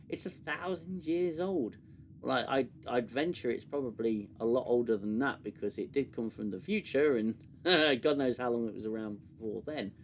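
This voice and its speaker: With a medium-pitched voice and a little hiss or hum on the audio, this British man hosts a laid-back review livestream. He's the show host, and his delivery is sarcastic, rambling and packed with fillers.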